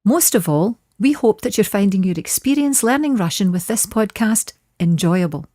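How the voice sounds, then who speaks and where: A woman teaching a short scripted language lesson, saying phrases slowly and clearly for learners to repeat. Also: medium pitch, lively intonation, mellow, no room sound, clean studio sound. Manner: clear, slow modelling of phrases.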